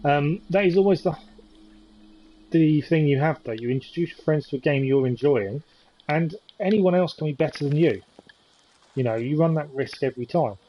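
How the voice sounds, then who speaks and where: A man's voice: on the high side, normal speed, muffled recording. A man chatting with viewers as he thinks aloud during a live-stream gameplay commentary.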